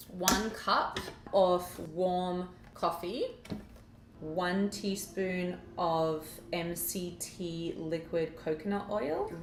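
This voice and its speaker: Woman co-host, slightly low voice, lively storyteller, roomy recording with faint hiss. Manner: animated, acts out quoted dialogue. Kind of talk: casual chat. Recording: echoey room, faint background noise.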